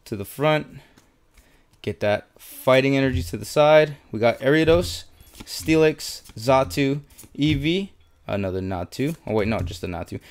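A young man in casual unboxing commentary, listing cards as he sorts them, swearing often and muttering his frustration. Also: medium pitch. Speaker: YouTuber opening trading card packs.

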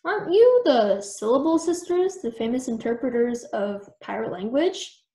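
A woman voicing a jolly old male professor rodent who exclaims loudly, recorded in a roomy space. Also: on the high side, animated, moderate pace. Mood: jovial. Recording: roomy echo.

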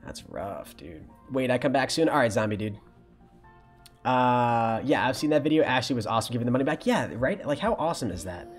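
A man's voice: mid-range voice, fairly quick, faint music behind. A young man in college streaming a shooter game, chatting casually and answering his viewers' messages. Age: young adult. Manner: relaxed, chatty, reads and answers chat. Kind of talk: casual live-stream chat while playing.

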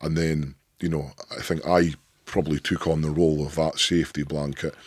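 A Scottish man in his thirties with a deep voice, a guest telling stories in a rambling, sweary, emphatic way. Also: level tone, a little fast, breathy edge, no echo. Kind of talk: casual interview chat.

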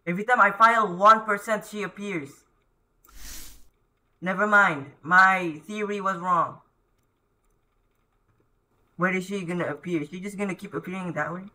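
A man doing horror let's-play commentary, jumpy, yelling and pleading at the ghost on screen. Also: high-pitched, measured pace, pauses often. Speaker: gaming YouTuber.

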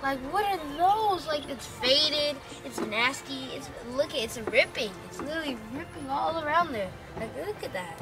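A woman's voice: high voice, expressive, normal speed, few pauses, music in the background. A young woman acting as a mean, mocking girl bully in a playground skit, taunting and whiny. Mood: sneering. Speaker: actor in a family skit. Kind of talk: improvised home video skit. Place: outdoor playground.

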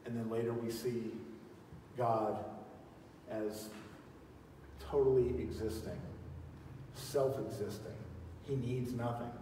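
A man preaching a sermon as pastor, swinging from loud calls to quiet teaching and leading his congregation in call-and-response. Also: mid-range voice, steady tone, takes it slowly, long pauses, slight background noise. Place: large church hall. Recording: echoey hall, voice from far off.

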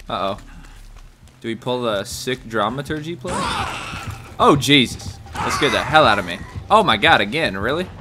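A young man giving casual, jokey commentary over a video game, reacting loudly to big moments. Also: medium pitch. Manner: excitable, jokey, shouts and laughs at big plays. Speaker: gaming YouTuber.

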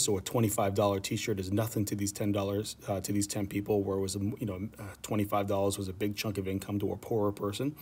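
Man, teacher, casual lecture, husky, lowish voice, checks in with "right?". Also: darkish tone. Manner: casual, rambling explanation with frequent "right?" check-ins. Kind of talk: economics lecture.

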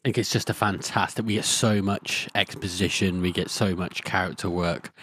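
A man's voice: deep voice, fairly even intonation, normal speed, fairly bright tone, husky, dry recording. A young adult man co-hosting a podcast, thinking aloud in a tentative, thoughtful way. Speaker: podcast co-host. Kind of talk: casual book discussion.

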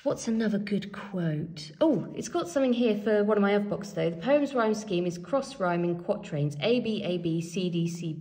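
A woman's voice: mid-range voice, animated, moderate pace, hardly any pauses, mellow. A woman teacher giving a revision tutorial, thinking aloud as she writes and reads from a help sheet, with many fillers. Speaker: English teacher. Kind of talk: revision tutorial while writing.

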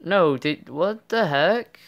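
A man giving casual, excitable gameplay commentary with playful trash talk. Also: a little high, slow pace, gravelly, dull audio. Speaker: gaming channel host.

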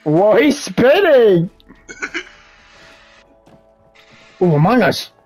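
A young woman playing a co-op game, excitable and giggly, calling her partner bro. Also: medium pitch, extremely slow, husky, faint music behind. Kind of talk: casual gaming chat.

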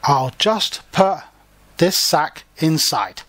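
A brave little boy mouse who leads his family through the garden, read by a man. The lines come slowly and lift higher when he warns of danger, and the voice sits in a dry, close space. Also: sing-song, a bit bright, dry recording, heavily acted. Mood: helpful. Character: young male mouse guide, brave and cheerful.

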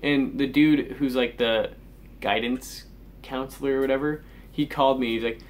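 A man's voice: mid-range voice, steady tone, moderate pace. A teenage boy ranting angrily in a vlog, swearing constantly and sighing in exasperation. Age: teens. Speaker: vlogger.

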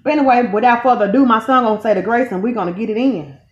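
A woman's voice: a little high, very fast. Chatty woman host in an echoey room. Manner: chatty, folksy, keeps calling viewers "y'all". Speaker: channel host, mother. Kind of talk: casual mukbang chat to viewers. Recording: echoey room, dull lo-fi sound.

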